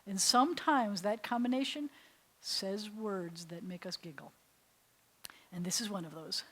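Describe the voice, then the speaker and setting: A woman rabbi teaching beginners in an easygoing, chatty way. Her pitch sits in a middle range, and she keeps things playful with jokey asides. She mutters to her computer while she works. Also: measured pace, fairly bright tone, slightly rough. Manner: talks aloud to her computer while working. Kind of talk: casual beginner language lesson.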